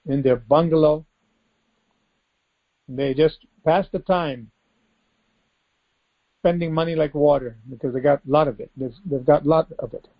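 A male preacher delivers a devotional sermon in a somewhat high voice. He piles up rhetorical questions and repeats words for emphasis. The recording sounds dull and lo-fi.

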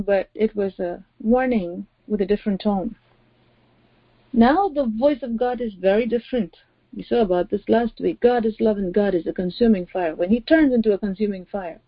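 A woman's voice: medium pitch, normal speed, no room sound. A woman pastor preaching a sermon, stressing her points by repeating phrases. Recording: dry, dull lo-fi audio.

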